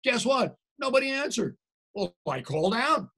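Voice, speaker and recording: A man's voice: extremely high pitch, moderate pace. Playful American man reading a storybook. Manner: playful, animated, leads kids in sound effects. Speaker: TV news anchor reading to a class. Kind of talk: storybook read-aloud over a video call. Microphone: video call.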